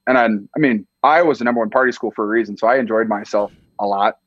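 This Iowa tight end talks quickly in a lowish voice as a podcast guest, the lo-fi audio carrying no echo. He's a young, easygoing Midwesterner whose casual conversation is full of "like" and "dude."

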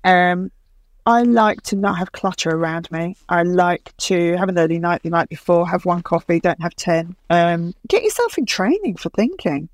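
Lively low-voiced woman TV producer. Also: normal speed, dry recording. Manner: animated anecdotes with laughter and acted-out quotes. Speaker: TV producer guest. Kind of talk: podcast interview storytelling.

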